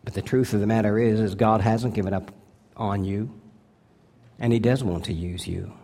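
A male pastor preaching a sermon, earnest and deliberate, slowing down to stress key words and dropping to a hushed tone for his appeals. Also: lowish voice, fairly even intonation.

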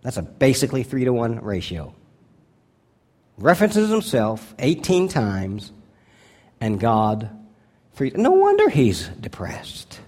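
With a medium-pitched voice that swoops wildly, a male pastor preaches earnestly and with care, slowing down to emphasize crucial words and softening to a hushed tone for his appeals.

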